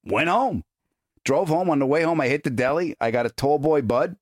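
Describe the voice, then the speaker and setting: Man, podcast host, lively swooping pitch, self-mocking storyteller, dry close sound. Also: moderate pace, dry recording. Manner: animated, self-mocking, hammy voices. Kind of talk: casual storytelling chat.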